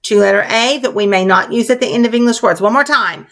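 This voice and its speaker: A woman's voice: on the high side, fast, fairly bright tone. A woman teacher leading young children through a spelling lesson, coaching them patiently in a sing-song classroom manner.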